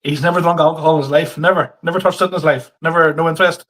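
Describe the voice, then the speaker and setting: A man's voice: on the high side, fairly even intonation, rapid-fire, fairly bright tone. A man, co-hosting a podcast in an easygoing, agreeable chat and laughing readily. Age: 30s. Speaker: podcast co-host and stand-up comedian. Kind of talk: casual chat.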